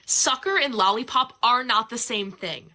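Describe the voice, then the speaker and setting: Chatty young Midwestern American woman. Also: fairly high pitch. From Michigan, USA. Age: young adult. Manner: chatty, animated, quick asides. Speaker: livestream host. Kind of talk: casual chat. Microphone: webcam or phone mic on a livestream.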